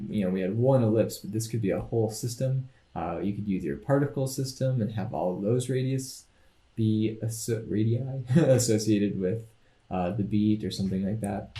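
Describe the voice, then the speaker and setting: A man teaching a coding lecture over his screen, explaining each step in a relaxed, thinking-aloud way. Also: on the low side, echoey room. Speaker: instructor.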